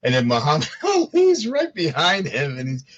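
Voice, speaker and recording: A man hosting a casual interview, reacting excitably to his guest's stories and laughing often. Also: on the high side, moderate pace. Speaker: host. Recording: dull lo-fi sound.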